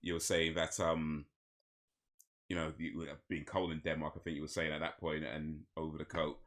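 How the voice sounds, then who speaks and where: A man's voice: very deep voice, little pitch movement, moderate pace, fairly bright tone. A man hosting an interview over a video call, talking casually and hesitantly with lots of ums and restarts. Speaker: podcast host.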